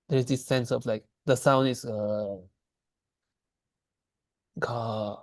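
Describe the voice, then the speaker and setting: Male teacher, gravelly voice, dry close sound, casual lecture with frequent self-corrections. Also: medium pitch, steady tone, moderate pace, pauses often, darkish tone, no echo. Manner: casual, many restarts, demonstrates sounds. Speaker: language teacher. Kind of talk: online class lecture.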